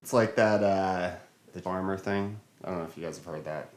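Deep-voiced male podcast host in an echoey room. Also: moderate pace. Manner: easygoing storyteller. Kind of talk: casual conversation.

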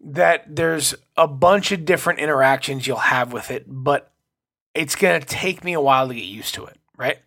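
A man with a bright, forceful, fairly high voice joins a casual podcast chat. He talks emphatically and with a lot of enthusiasm. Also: normal speed.

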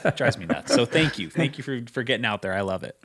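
A man hosting an interview about teaching choir, enthusiastic and quick to laugh. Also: mid-range voice, lively intonation, fairly bright tone. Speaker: interview host, choral educator. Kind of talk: casual interview.

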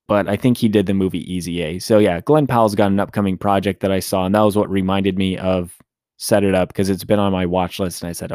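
A man's voice: lowish voice, darkish tone, no echo, clean studio sound. A man hosting a solo movie podcast, talking casually and rambling as he corrects himself. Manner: chatty, rambling, self-correcting. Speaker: movie review podcast host.

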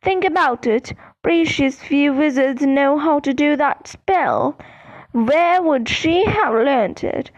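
A kind, calm middle-aged wizard father, read by a woman, reasoning patiently at an unhurried pace. The audiobook recording sounds dull and lo-fi. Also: high-pitched.

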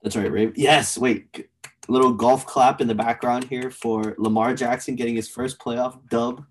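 A young man co-hosting a casual sports podcast, animated and blunt, swearing casually as he argues picks. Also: medium pitch, unhurried. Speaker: podcast co-host.

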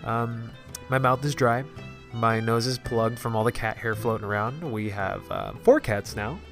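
A man hosting a casual solo podcast with a stuffy nose, talking in a halting way with lots of restarts. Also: mid-range voice, music in the background. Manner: halting, many fillers and restarts. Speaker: podcast host.

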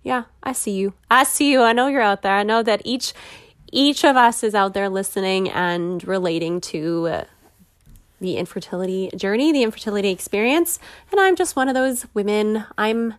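In a clean, dry studio recording, a podcast host in her thirties delivers a personal monologue in a candid, talkative way, with frequent laughter and plain frustration. Her pitch is medium.

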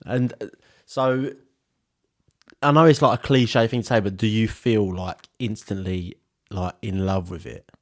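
A man's voice: lowish voice, a little slow. A young man co-hosting a podcast, easygoing and teasing, laughing often. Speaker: podcast co-host. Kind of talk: casual banter.

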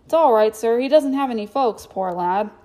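A woman's voice: a little high, expressive, normal speed, a little mellow, close to an everyday voice. A woman voicing a sour, scheming man who runs a circus concession stand, reading from a storybook. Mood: fawning. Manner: sour, wheedling.

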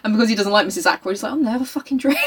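A woman's voice: fairly high pitch, animated, very fast, slightly rough. A woman casually chatting as a co-host, recapping a novel, laughing often and swearing. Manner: laughs often, swears, reads passages aloud. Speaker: podcast co-host.

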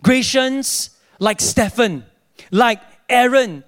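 High-voiced male pastor preaching. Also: a little slow. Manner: animated storytelling, acting out his own dialogue. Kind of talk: sermon.

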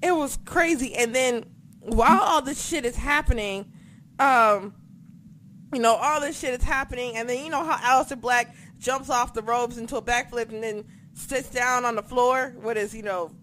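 A woman with a fairly high voice tells stories in a casual chat from home. She talks in an excitable, foul-mouthed way. Faint background noise sits under her voice. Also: normal speed. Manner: profane, excitable, animated storytelling. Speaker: podcast co-host recapping wrestling. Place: home apartment.

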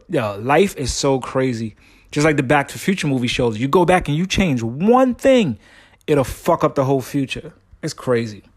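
A man hosting his own podcast, telling a long story in a rambling, slangy way with many restarts. His family comes from Guyana. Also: mid-range voice. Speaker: podcast host. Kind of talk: casual solo podcast monologue.

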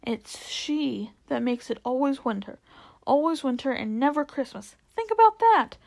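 A woman reading a storybook aloud, voicing a guilt-ridden male fawn who talks slowly between sobs and groans. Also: sits high, creaky, darkish tone. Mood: despairing. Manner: slow, sobbing, groaning delivery.

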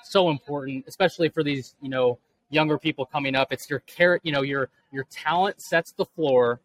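A man's voice: fairly high pitch, normal speed, poor audio. A man in his thirties, a guest author and speaker, answering earnestly in a podcast interview. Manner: earnest, motivational.

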